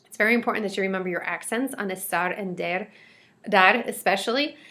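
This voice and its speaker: A woman's voice: medium pitch, a bit bright. Woman teacher explaining grammar step by step. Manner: step-by-step explanation, switching between English and Spanish. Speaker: Spanish teacher. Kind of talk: recorded grammar lesson.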